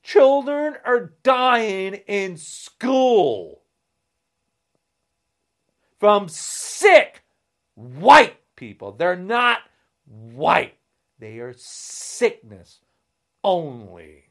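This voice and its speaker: A man delivering a heated, insulting rant straight to camera, swinging between shouting and a low, menacing growl. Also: very animated, very slow, pauses often. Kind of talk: angry political rant to camera.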